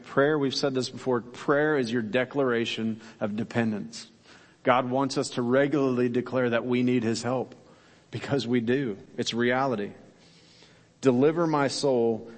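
A man preaches a sermon in a gravelly, mid-pitched voice, earnest and emphatic as he puts rhetorical questions to his listeners. His words ring out with the long reverb of a large church sanctuary. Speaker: pastor.

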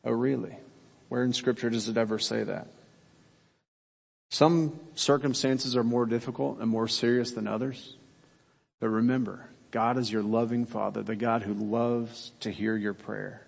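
Gravelly-voiced man preaching in a hall. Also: medium pitch, fairly even intonation, normal speed. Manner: earnest, emphatic preaching with rhetorical questions. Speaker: pastor. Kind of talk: sermon.

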